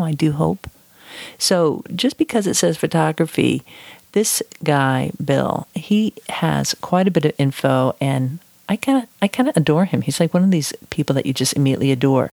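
A woman hosting a podcast in a casual chat, chatty and digressive, gushing warmly about people she likes. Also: on the low side, no room sound. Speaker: podcast host.

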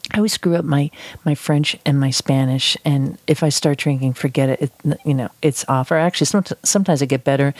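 A woman hosting a podcast in a casual chat, chatty and digressive, gushing warmly about people she likes. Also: sits low, no echo. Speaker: podcast host.

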